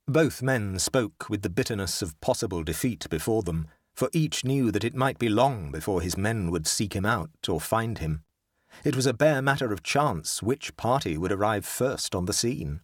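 A man reads a story aloud in a measured, low voice, letting his pitch rise and fall a great deal. The sound is dry and close to the mic. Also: animated, husky, no room sound. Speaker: narrator. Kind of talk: scripted narration.

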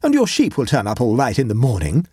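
A man voicing a plump, peevish, fussy young gentleman who speaks in a shrill, fretful tone. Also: huge pitch swings, fast, slightly rough, dry recording, clean studio sound. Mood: pleading, anxious.

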